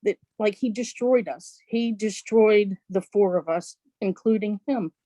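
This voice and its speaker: A woman speaking haltingly on a casual video call, a grieving parent searching for her words. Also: medium pitch, warm tone, dry recording.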